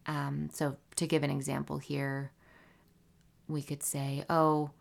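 A woman with a low, deep-set voice hosting a solo podcast in casual talk. She is animated and playful and drops into soft, whispery asides. She often slips into silly voices. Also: takes it slowly, gravelly. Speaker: podcast host.

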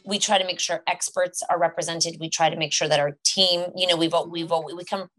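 A woman's voice: lowish voice, steady tone, a little fast, a bit bright, faint music behind. A woman guest on a podcast, talking earnestly and restarting her phrases as she goes. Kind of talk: casual podcast conversation.

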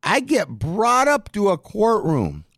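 Animated, profane man telling a story. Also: high-pitched, slow pace, vocal fry, no echo, clean studio sound. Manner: profane, animated, street slang. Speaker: storyteller guest. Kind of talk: casual podcast storytelling.

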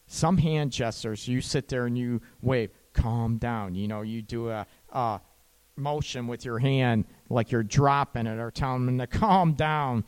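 A man hosting an advice show, talking casually about calming arguments between partners and tagging his sentences with "right?". He sometimes voices what a partner might say. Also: mid-range voice, unhurried, clear, resonant tone. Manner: conversational, frequent "right?" tag questions; acts out partner's lines in quoted dialogue. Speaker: relationship advice host.

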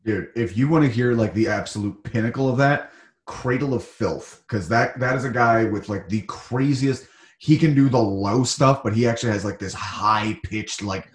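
Brief: male comedian guest, low-ish voice, laid-back and knowledgeable, roomy echo. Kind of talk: casual chat.

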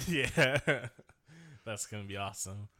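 A man's voice: lowish voice, measured pace, sharp tone. A man co-hosting a podcast in casual, rambling chat, with lots of fillers and swearing. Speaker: podcast co-host.

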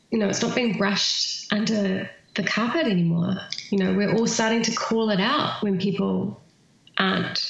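Earnest woman with a gravelly voice in an echoey room. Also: medium pitch, muffled recording. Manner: earnest, thoughtful, many fillers. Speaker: interview guest. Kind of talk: reflective conversational interview.

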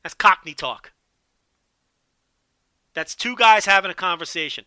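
A man's voice: sits high, animated, measured pace, pauses often, bright, forceful tone, no echo. A man giving a casual wrestling recap, enthusiastic and profane, riffing with jokes. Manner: enthusiastic, profane, joking riffs. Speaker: wrestling show commentator.

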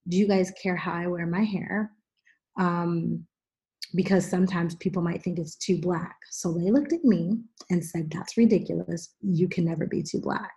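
A middle-aged woman hosting a podcast, chatting casually and telling animated stories with acted-out quotes. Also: fairly low pitch, moderate pace. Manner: animated storyteller, acts out quotes. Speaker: podcast host. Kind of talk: casual chat.

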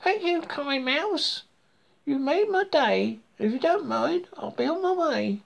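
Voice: sits high, expressive, takes it slowly, vocal fry, voice pushed up, heavily acted. A reader voicing a grateful, cheerful male frog in a children's storybook, eager and bouncy.

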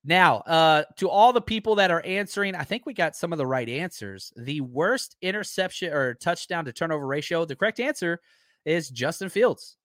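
A man's voice: a little high, expressive, moderate pace, a bit bright, no echo, clean studio sound. A man hosting a football live stream in a casual, chatty way, full of fillers and restarts as he runs through stats.

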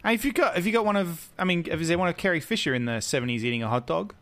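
A man's voice: fairly high pitch, very fast, fairly bright tone. A man co-hosting a podcast in casual chat, often hesitant and restarting his sentences. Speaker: podcast co-host.

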